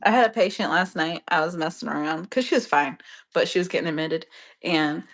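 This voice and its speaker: A young adult woman, a nurse, chatting casually and telling animated stories with frequent laughter. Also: deep voice, a little fast. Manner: animated storyteller who laughs often. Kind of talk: casual chat.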